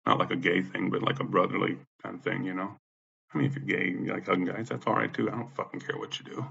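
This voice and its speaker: Agitated man, low husky voice, quick profane rambling monologue. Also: little pitch movement, fairly bright tone, highs cut off. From United States. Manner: profane, rambling, agitated, re-enacts what he said in raised voice. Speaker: vlogger recounting an ordeal. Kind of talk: raw unscripted monologue to camera. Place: at home, indoors. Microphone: camera or phone facing him.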